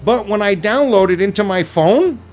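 A man's voice: sits high, animated, normal speed. A middle-aged man hosting a radio show, telling rambling, profane stories in casual chat.

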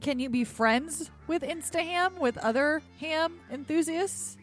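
A young woman co-hosting a comedy podcast, answering with dry, teasing, deadpan retorts. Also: sits high, a little slow, soft background music. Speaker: podcast co-host. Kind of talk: comedic banter.

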